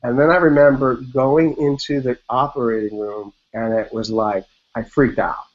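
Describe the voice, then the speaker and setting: A man in his fifties sits in as a podcast guest and tells his story in a relaxed, meandering way, with fillers all through it. His voice sits at an everyday middle pitch for a man. The recording sounds a bit dull and lo-fi. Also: moderate pace. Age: 50s. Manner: rambling, loose retelling full of "like" and "you know". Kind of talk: casual interview storytelling.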